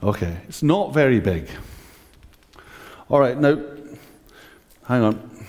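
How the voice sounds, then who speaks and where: Guy preaching, slow and chatty with the congregation, pitch all over the place, big church echo. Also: animated, darkish tone. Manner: conversational, using a prop, talking directly to the congregation. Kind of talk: sermon. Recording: echoey church hall.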